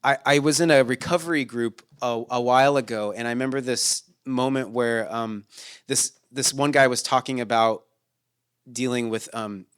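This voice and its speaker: A man's voice: mid-range voice, steady tone, normal speed, a bit bright, clean tone. A man in his thirties co-hosting a casual podcast chat, reflective and rambling with many restarts. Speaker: podcast co-host.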